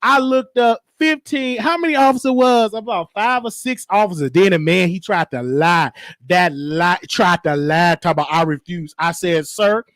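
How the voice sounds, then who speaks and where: A man hosting a show, telling a story and giving commentary in an animated, preachy way. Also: high-pitched, moderate pace, dry recording. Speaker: show host. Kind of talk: casual commentary monologue.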